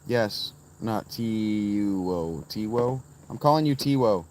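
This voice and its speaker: A man's voice: on the low side, expressive, unhurried, darkish tone, a little hiss or hum. A man casually chatting on a livestream from inside a tent, answering viewers in the chat by name. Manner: rambling, answers chat viewers by name, sudden sing-song chanting. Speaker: livestream host reading chat.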